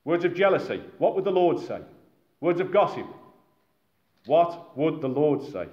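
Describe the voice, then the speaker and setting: A man preaching a sermon to a gathered congregation, animated and exclaiming, calling his listeners friends. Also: fairly high pitch, measured pace. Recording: echoey, muffled room recording with faint noise.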